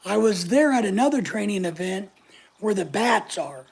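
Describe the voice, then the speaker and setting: A woman's voice: medium pitch, lively intonation, normal speed, vocal fry, darkish tone, husky. An older woman hosting a casual live chat, talking in a blunt, opinionated, chatty way. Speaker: channel host answering live chat.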